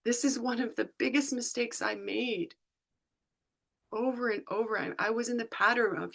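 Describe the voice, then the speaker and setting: A woman's voice: on the high side, fairly even intonation, vocal fry. A woman in a reflective conversation over a video call, thinking aloud and searching for her words. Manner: slow, thoughtful, searching for words. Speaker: joy research facilitator.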